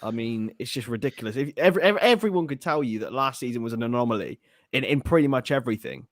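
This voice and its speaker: A man talks football in an upbeat, easygoing way, his voice at a middle pitch. The sound is dry and close, with no room around it. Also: fast, no echo. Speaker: podcast co-host. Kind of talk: casual football chat.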